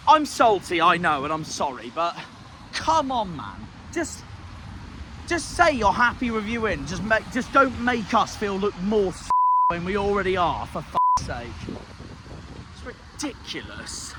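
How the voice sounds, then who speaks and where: A football fan vlogger with a West Country English accent rants furiously after a match, standing outdoors on a city street. His voice sits high and sing-song, a little slow. Traffic and street noise fill the background.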